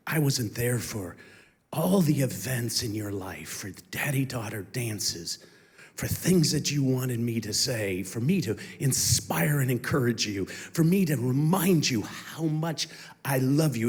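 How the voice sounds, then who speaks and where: A man's voice: mid-range voice, expressive, measured pace. A middle-aged man giving a heartfelt testimony that swells into impassioned emphasis. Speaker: guest speaker giving testimony. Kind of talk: emotional testimony.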